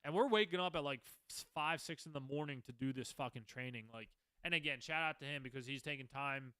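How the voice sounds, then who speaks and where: A man's voice: mid-range voice, fairly quick, sharp tone, clean tone, dry recording. Young man telling rambling war stories. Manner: rambling, swears a lot, restarts often. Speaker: podcast host. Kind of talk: casual storytelling monologue.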